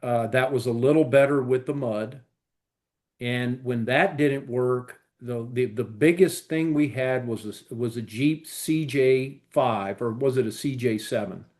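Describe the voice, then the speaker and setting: A man's voice: medium pitch, a little slow, a little mellow. A man with a mid-range voice chats casually on a podcast. He tells long, rambling stories filled with fillers. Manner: rambling storyteller, many fillers. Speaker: podcast co-host. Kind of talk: casual chat.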